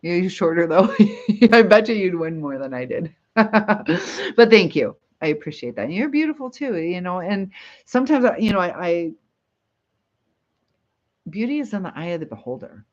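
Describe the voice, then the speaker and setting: Woman doing a casual live chat, reads comments out loud, laughs easy, kinda muffled audio. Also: on the low side, big pitch swings, moderate pace, pauses often. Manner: chatty, reads comments aloud, laughs often. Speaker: live stream host reading viewer comments.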